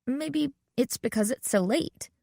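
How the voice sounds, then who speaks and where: A woman doing a steady, practical teen girl. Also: sits high, measured pace, vocal fry, no echo, studio quality, voice pushed up, heavily acted. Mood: matter-of-fact.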